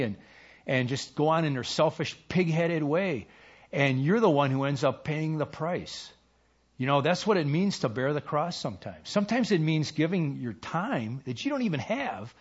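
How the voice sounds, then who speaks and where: Husky-voiced male pastor, conversational sermon. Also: on the high side, lo-fi sound. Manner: conversational, with many fillers and acted-out quotes.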